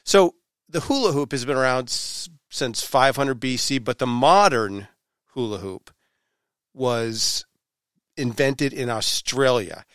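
A man's voice: mid-range voice, takes it slowly, fairly bright tone, clear, resonant tone, dry recording, studio quality. A man hosting a podcast interview, with a playful, showy way of building up his guest. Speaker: podcast host. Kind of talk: casual interview.

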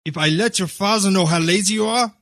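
A man's voice: high voice, brisk, no room sound, studio quality, voice pushed up. A male narrator voicing a harsh, bullying cafe waitress who scolds her young son. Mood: scolding. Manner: sharp, bullying, impatient. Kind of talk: audiobook character voice.

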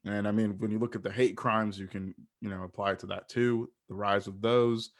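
A man's voice: lowish voice, fairly even intonation, a little fast. A man talking in a casual podcast chat, passionate and rambling, swearing freely as he makes his point.

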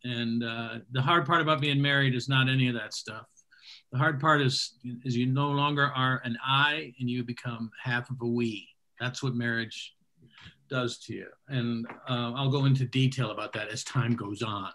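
Male comedy emcee, middle-aged, forceful bright tone, rambling. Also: mid-range voice, fairly even intonation, normal speed. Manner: rambling, self-deprecating asides. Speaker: show host. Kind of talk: hosting a comedy show.

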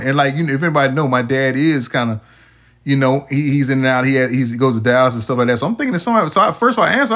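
A man's voice: on the high side, fairly bright tone. A man hosting a podcast, casually telling a story and acting out the texts he quotes. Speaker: podcast host. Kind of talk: casual chat.

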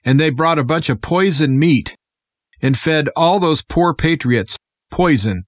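Earnest man with a fairly high voice. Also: animated, measured pace, no echo, studio quality. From United States. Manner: earnest, impassioned political speaking. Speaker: radio show guest presenter. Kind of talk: scripted radio monologue.

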